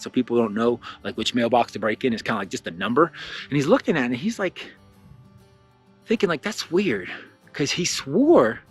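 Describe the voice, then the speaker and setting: A man telling a casual teaching story, acting out the characters' lines with lots of fillers and a slightly husky voice. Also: medium pitch. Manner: animated, acts out quoted lines, frequent fillers. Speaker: spiritual teacher.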